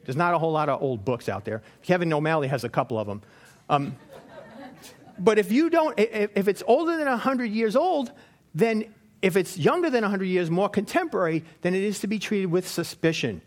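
A man preaching in a loose, anecdotal way, full of fillers and side remarks. His voice sits high and moves a great deal. He teaches as if telling stories to friends. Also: lively intonation, fairly quick. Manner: rambling, anecdotal, with frequent fillers. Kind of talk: informal Bible teaching.

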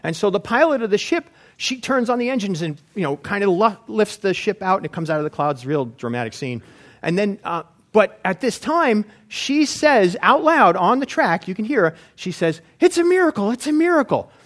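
A man's voice: high voice, expressive, normal speed, a bit bright. A man giving an informal Bible teaching in a rambling, anecdotal way, with frequent fillers. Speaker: preacher.

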